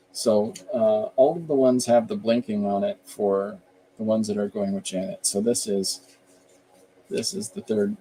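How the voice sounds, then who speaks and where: A man in his fifties, an artist hosting his own show, rambles casually about his work while drawing live, explaining things in an easygoing way as he goes. His voice is lowish and mellow, and the poor audio carries a little hiss or hum.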